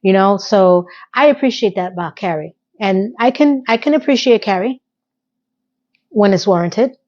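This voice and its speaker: A woman's voice: medium pitch, lively intonation, normal speed, a little mellow, highs cut off. A woman chatting casually to her viewers as she recaps a TV episode, sassy and direct.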